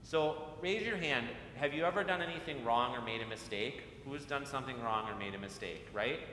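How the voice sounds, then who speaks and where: A man's voice: brisk, pushed and bright. Man giving a children's message in church. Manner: friendly, asks children questions. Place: church sanctuary. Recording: echoey church hall, faint rumble.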